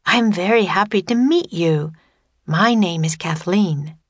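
A woman doing a calm, gentle sea girl. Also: fairly low pitch, no echo. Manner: gentle, formal, measured. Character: calm, kind, bold teenage sea girl.

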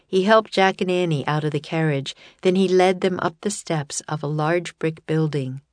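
A woman reading a children's chapter book aloud as narrator, calm and measured. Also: deep voice, no echo. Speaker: audiobook narrator. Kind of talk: scripted narration.

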